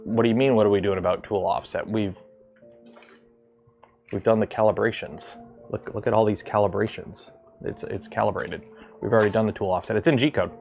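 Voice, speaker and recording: A man's voice: fairly low pitch, steady tone, fairly quick, creaky, pauses often, a little mellow, soft background music. A man from Canada hosting a casual livestream in his garage, rambling and breaking off to answer chat as he works. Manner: rambling, self-interrupting, reads chat aloud. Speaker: livestream host. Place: home garage.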